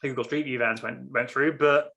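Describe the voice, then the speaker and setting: An Englishman with a near-RP accent talks with a bright, forceful edge. He rambles through his thoughts, restarts his sentences and drops in apologetic asides, like a guest in a casual conversation. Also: mid-range voice, steady tone, moderate pace, creaky. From England. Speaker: author guest.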